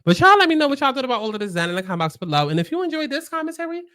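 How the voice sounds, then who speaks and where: A woman's voice: sits high, sing-song, rapid-fire, a bit bright, no echo, studio quality. A woman hosting an opinionated pop-culture commentary, talking bluntly and emphatically with plenty of profanity. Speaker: commentary host.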